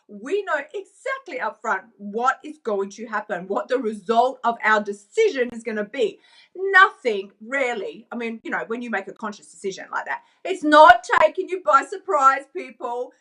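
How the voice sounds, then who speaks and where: A woman gives an emphatic live-stream pep talk as a coach. Her voice is bright and a little high, and she repeats lines for emphasis while chatting directly with her viewers. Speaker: weight-loss coach.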